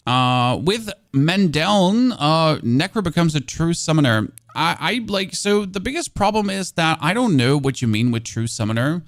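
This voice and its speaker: A man's voice: a little high, animated, moderate pace, few pauses, no echo, clean studio sound. A German man with a German accent, a streamer giving casual gameplay commentary and answering chat in a chatty, self-mocking way with many fillers.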